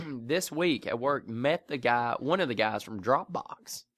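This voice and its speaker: A man's voice: medium pitch, a little slow, no room sound. A man co-hosting a podcast, telling a story in casual chat and acting out the voices of the people in it, laughing often. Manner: animated, acts out voices in stories, laughs often. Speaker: podcast co-host.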